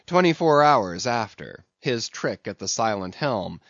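Male audiobook narrator, dramatic, lively pitch; dull, dry audio. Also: a little slow, no echo. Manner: dramatic, storytelling. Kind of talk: scripted classic novel narration.

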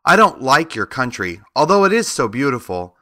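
A man's voice: mid-range voice, very animated, normal speed, bright, forceful tone. A man voicing a small, meek young girl who pleads earnestly and breaks into tearful cries. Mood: earnest pleading.

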